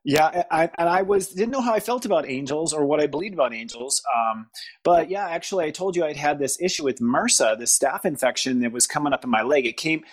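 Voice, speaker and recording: A man speaking as a guest in a casual spiritual conversation, pausing, restarting and searching for words. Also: a little high, expressive. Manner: halting, searching for words, frequent restarts and laughs. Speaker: podcast guest.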